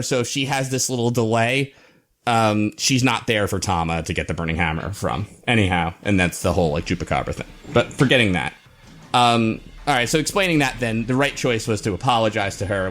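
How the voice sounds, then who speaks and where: A man's voice: fairly low pitch, fairly bright tone. A man co-hosting a podcast, giving a casual, rambling recap from his notes with many fillers and chuckles. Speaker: podcast co-host.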